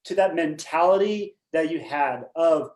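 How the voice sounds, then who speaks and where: A man's voice: fairly high pitch, a little slow, darkish tone. A man hosting an interview, asking eager questions with frequent restarts. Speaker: interview host. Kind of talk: call interview. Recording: echoey room.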